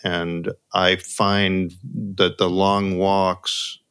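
A man, an author guest on a podcast, speaking casually and haltingly, restarting his sentences. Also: low voice, flat delivery, fairly bright tone, smooth. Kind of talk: casual conversation.

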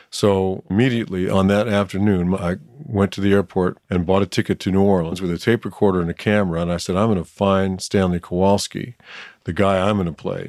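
An older man with a deep, low-pitched voice and a Southern accent tells stories with lively, animated energy, laughing often. His voice is recorded close and dry, with no room sound around it. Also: no room sound. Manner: animated anecdotal storyteller who laughs often. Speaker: actor guest. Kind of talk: casual interview storytelling.

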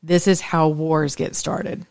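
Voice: mid-range voice, flat delivery, takes it slowly, vocal fry, darkish tone, no echo. A talk radio host delivering an emphatic, scornful opinion monologue on a close studio mic. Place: Atlanta area.

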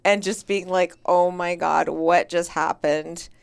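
A woman with a smooth, clear voice tells a story in casual chat. She talks animatedly and slips into the voices of the people she quotes. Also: fairly low pitch, slow. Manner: animated, acts out quoted dialogue, many "like" fillers. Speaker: podcast guest.

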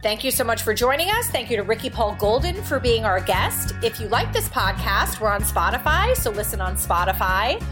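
A woman hosts a podcast interview and wraps it up in a friendly, brief way. Soft music plays faintly behind her voice. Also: fairly high pitch, sing-song, normal speed, hardly any pauses. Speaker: podcast host.

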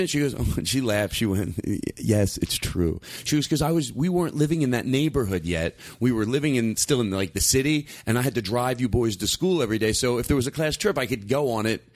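A male podcast host spinning a loose anecdote in casual chat. His pitch swings widely as he talks, and he trips over himself and restarts often. It's relaxed, conversational storytelling. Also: quick pace, few pauses. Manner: animated, rambling storyteller with many restarts.

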